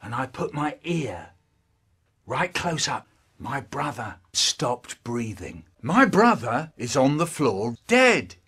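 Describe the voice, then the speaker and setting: A man telling stories in an animated, theatrical way, cut together for comic effect. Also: medium pitch, takes it slowly, slightly rough. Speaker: storyteller. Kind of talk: spliced comic storytelling for children.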